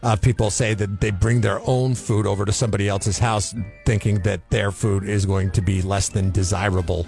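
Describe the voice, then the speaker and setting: A man's voice: lowish voice, fairly even intonation, moderate pace, vocal fry, a little mellow, faint music behind. A man co-hosting a radio talk show, joking and acting disgusted in casual banter. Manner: joking, mock-disgusted, slips into put-on British voice. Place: radio studio.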